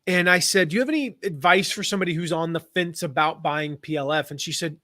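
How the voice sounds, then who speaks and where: A man's voice: on the high side, fast talker, few pauses, sharp tone, no room sound, clean studio sound. An American man who grew up in the Midwest and South, teaching affiliate marketing in a rambling, casual live-stream chat. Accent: General American. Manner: chatty, rambling, with fillers and restarts.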